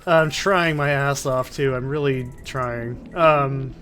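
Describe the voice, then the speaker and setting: A let's play commentator, a man, talks casually over a video game and rambles through a long story loaded with swearing, digressions, and self-interruptions. He speaks at a medium pitch and slow pace, with a slightly bright tone. Faint music plays behind him, captured by a desk condenser mic in a soundproofed corner.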